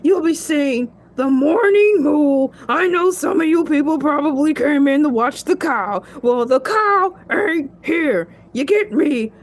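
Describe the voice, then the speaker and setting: A woman's voice: high voice, animated, unhurried, hardly any pauses. A woman voicing a cocky male shark who hosts a show, chatting playfully and bragging as he rambles. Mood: boastful. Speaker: stand-in show host. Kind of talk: comedic solo character show.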